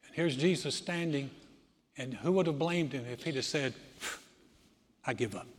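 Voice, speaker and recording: A man preaching a sermon as pastor, telling stories and swinging between loud emphasis and hushed, low lines. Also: moderate pace, big-room sound.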